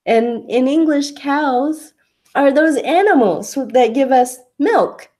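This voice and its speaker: A woman's voice: sits high, animated, takes it slowly, a little mellow. A woman English teacher giving an online lesson, patiently answering a student's question step by step with examples.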